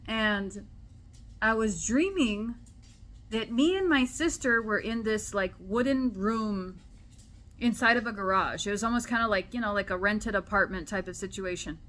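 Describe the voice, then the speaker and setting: Woman, casual storytelling vlogger, bright tone, chatty and animated. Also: mid-range voice, normal speed. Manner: animated, chatty, acts out quoted voices. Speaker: spiritual vlogger. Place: indoor room at home.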